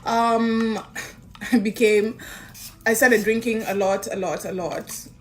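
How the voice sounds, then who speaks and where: A young woman casually telling a personal story, animated and chatty, acting out the lines of others. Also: on the high side, slow pace. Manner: animated, acts out dialogue, chatty with fillers. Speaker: interviewee.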